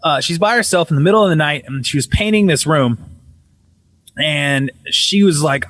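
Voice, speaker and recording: A man on a casual podcast call telling a ghost story, swearing freely and acting out the quotes with lively energy. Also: fairly high pitch, normal speed, dry recording. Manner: profane, animated retelling with voiced quotes. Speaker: podcast guest. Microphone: video call.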